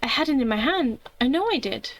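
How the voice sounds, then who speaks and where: Woman reading as a frightened schoolgirl, lively voice. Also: sits high, fairly quick, a little hiss or hum. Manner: reads game dialogue aloud, anxious.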